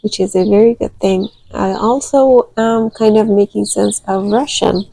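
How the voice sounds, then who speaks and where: A woman's voice: medium pitch, fairly even intonation, unhurried, gravelly, warm tone, poor audio. A woman who grew up speaking Turkmen, chatting casually and with many hesitant fillers about learning languages. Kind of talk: casual vlog talk.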